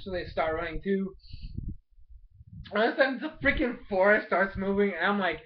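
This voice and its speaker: Male reviewer, high voice, excitable casual recap with lots of fillers, dull lo-fi sound. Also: fairly quick, slight background noise. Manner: animated, fills speech with "like", mild cursing. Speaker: episode reviewer.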